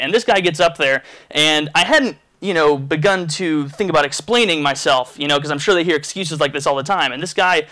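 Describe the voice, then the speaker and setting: A man telling a crude, rambling story in a casual vlog, animated and full of restarts. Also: a little high, brisk, few pauses. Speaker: vlogger.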